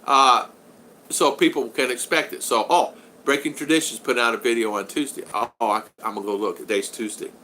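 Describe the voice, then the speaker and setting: A middle-aged man rambles through a casual live stream from home, greeting viewers by name as their comments come in. His voice is bright and forceful. A faint hiss of noise sits under it. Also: mid-range voice, steady tone, brisk, low-quality recording. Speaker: vlogger hosting a live stream. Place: home in the Philippines.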